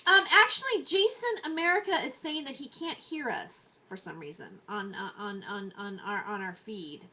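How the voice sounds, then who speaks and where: A woman hosting a talk radio show, chatting and reading news aloud in a halting way, with many fillers and restarts. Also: mid-range voice, lively intonation, pushed and bright. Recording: muffled internet radio audio with faint hiss.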